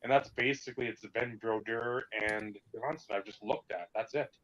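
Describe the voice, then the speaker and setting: A man's voice: mid-range voice, moderate pace, a bit bright, muffled recording. A man co-hosting a podcast in casual chat, swearing freely and ranting heatedly, slipping into mocking put-on voices. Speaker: podcast co-host.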